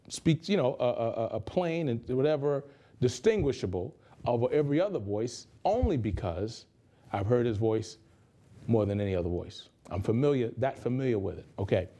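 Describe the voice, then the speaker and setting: A man's voice: medium pitch, warm tone. A male pastor giving a conversational sermon in a radio studio, repeating phrases for emphasis.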